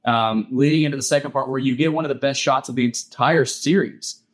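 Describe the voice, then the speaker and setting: An eager man on a podcast, talking at an everyday middle pitch. He rambles through a long retelling in loose, casual chat, restarting his sentences as he goes. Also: fairly quick. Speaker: podcast co-host.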